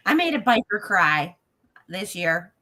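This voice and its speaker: Lively woman telling a ghost story. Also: medium pitch, takes it slowly. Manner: lively storyteller who acts out every voice in the story; laughs often and jokes about herself. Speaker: psychic ghost tour guide. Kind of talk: animated anecdote on a talk show.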